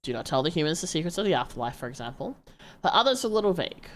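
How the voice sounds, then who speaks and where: A woman streamer reading a story game aloud, narrating in an expressive way. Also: deep voice, racing.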